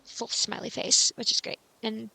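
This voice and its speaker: Bright, chatty woman with vocal fry. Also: a little high, flat delivery, moderate pace. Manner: rambling and chatty, with filler words; self-mocking. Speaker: game tutorial host. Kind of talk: casual game tutorial with commentary.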